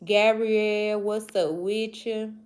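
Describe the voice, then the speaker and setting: Mississippi lady in her 40s doing a slow, easygoing livestream, calling out viewers by name. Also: medium pitch, fairly even intonation. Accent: Mississippi Southern. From Southern United States. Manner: drawling, slow, affectionate, shout-outs to viewers. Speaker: livestream host. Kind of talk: casual livestream chat reading comments.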